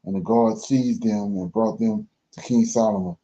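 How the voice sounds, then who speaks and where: A man reading scripture aloud for a Bible study, slow and careful, pausing and correcting himself as he goes. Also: lowish voice, fairly even intonation, dark tone, dull audio.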